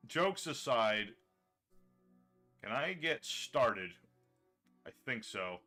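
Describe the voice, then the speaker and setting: A chatty man streams a card game live, talking through each play in a bright, forceful voice. He reads his chat and answers it as he goes. Faint music plays underneath. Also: mid-range voice, big pitch swings, drawn-out words. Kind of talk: casual livestream commentary.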